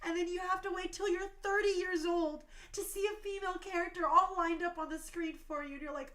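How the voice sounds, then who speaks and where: A woman's voice: extremely high pitch, steady tone, a little fast, hardly any pauses, fairly bright tone. A woman in her thirties hosting a talk show stream, speaking passionately and emotionally, tearful at times.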